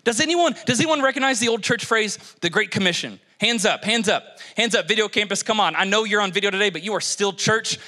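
A man from Kentucky preaching a lively, joking sermon to a church congregation on a handheld mic. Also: sits high. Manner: energetic, joking, exhorting congregation. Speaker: pastor. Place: church stage.

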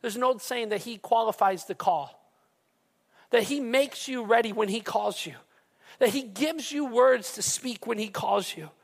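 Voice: mid-range voice, measured pace, gravelly. A pastor preaching a sermon in an emphatic way, talking straight to the congregation and repeating phrases for weight.

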